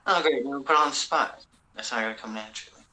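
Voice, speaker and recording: A man's voice: medium pitch, quick pace, sharp tone, rough recording. A man who is a guest on a casual livestream chat, joking around and telling corny jokes. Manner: jokey, tells corny jokes, laughs easily.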